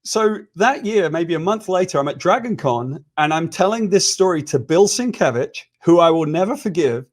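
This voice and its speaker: A man's voice: high-pitched, moderate pace, hardly any pauses. A British man co-hosting a casual chat, telling a self-deprecating anecdote and acting out the lines of the people in it. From Britain. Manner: animated, self-deprecating storyteller who acts out quoted lines. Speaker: co-host.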